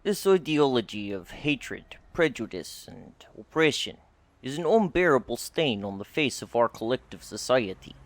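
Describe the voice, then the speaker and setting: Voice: medium pitch, very animated, normal speed, dry recording. Man doing an accented grandiose adventurer, Major Tom. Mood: solemn farewell. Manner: solemn, theatrical speech-making. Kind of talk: tabletop role-play.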